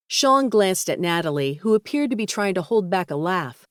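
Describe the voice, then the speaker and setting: A woman reading a romance audiobook in a steady, even storytelling voice on a close studio mic. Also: medium pitch, moderate pace, dry recording. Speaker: audiobook narrator. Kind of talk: scripted narration.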